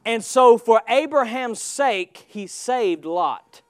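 A man preaching a sermon, calling out to the congregation and building to shouts. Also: extremely high pitch, animated, slow, dry recording, studio quality. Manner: call-and-response preaching, rising to shouts.

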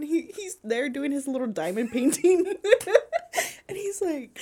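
A young woman co-hosting a podcast, telling animated family stories in casual chat and laughing often. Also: sits high, moderate pace. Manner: animated storytelling, acts out family quotes, laughs a lot. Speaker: podcast co-host.

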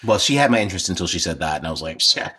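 A man's voice: low voice, big pitch swings, racing, fairly bright tone. A man co-hosting a casual podcast chat, telling a rambling story full of restarts and repeated words. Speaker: podcast co-host.

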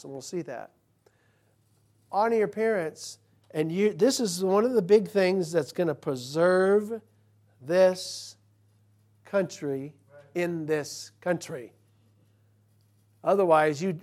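A man preaching from the pulpit of a church, his voice sitting a little higher than most men's. He drops to a soft, confiding tone to tell a story, then rises loud and emphatic to press home a verse. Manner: preaching, swinging from quiet storytelling to loud emphatic scripture lines. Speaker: pastor. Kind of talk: sermon.

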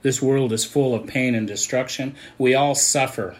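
A man's voice: mid-range voice, fairly even intonation, moderate pace. An older man, a pastor, preaching a sermon in an earnest, conversational way that builds to emphatic peaks.

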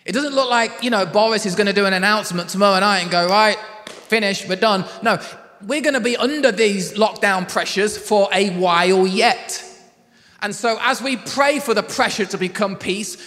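A male pastor preaches in a loose, chatty storytelling way and breaks into laughter often. His voice sits high for a man. A long reverb trails each phrase, as in a large room. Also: fairly bright tone. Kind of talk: sermon.

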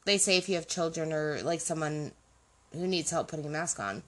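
A woman's voice: deep voice, lively intonation, fairly quick, a bit bright. A woman chatting casually as a podcast co-host, explaining her points and often checking in with "right?". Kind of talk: casual conversational chat.

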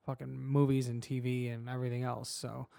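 A man's voice: mid-range voice, flat delivery, a little fast, vocal fry, warm tone. A young man co-hosting a casual podcast chat, rambling and swearing as he restarts his sentences. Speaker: podcast co-host. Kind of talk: casual chat, reading a review aloud.

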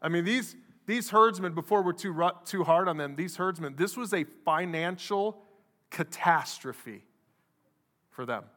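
A man preaching a sermon as pastor, animated, often acting out quoted voices. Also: a little high, measured pace. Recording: long hall reverb.

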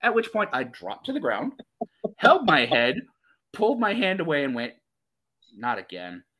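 Bright-voiced man telling wild stories. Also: high-pitched, moderate pace, husky. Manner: animated, profane storyteller. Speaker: podcast host. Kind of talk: casual storytelling chat.

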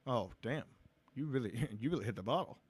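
A man's voice: mid-range voice, animated, fairly quick, breathy edge, dry recording. A man hosting a podcast, teasing his guest in casual, profane banter over a video call. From Texas. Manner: teasing, swearing, laughs often. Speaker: podcast host.

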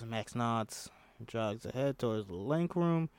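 A man's voice: mid-range voice, lively intonation, normal speed, clean tone, no room sound. A man reading a screenplay aloud as a host, plainly, breaking off with joking asides. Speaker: script reader. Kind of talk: casual script read-through with asides.

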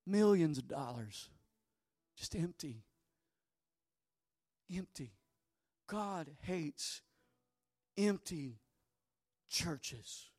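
A male pastor with a fairly high voice preaches slowly and deliberately. He moves dramatically between hushed, near-whispered asides and emphatic declarations. The sound is dry and close. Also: expressive, dry recording. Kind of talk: sermon.

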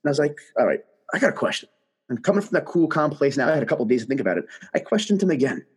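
A man, a guest telling his story in casual conversation, animated and emphatic. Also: a little high, very fast, slightly rough.

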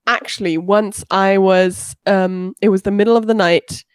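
A woman's voice: mid-range voice, measured pace, clean tone, no room sound. A woman co-hosting a podcast, telling stories in casual chat and acting out quotes. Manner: expressive, acts out quotes, laughs. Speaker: podcast co-host.

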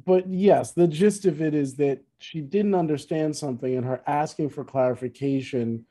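A man's voice: a little high, normal speed. A man in casual conversation, telling a story with lots of restarts and asides. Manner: rambling, self-correcting, animated retelling. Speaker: podcast co-host, musician.

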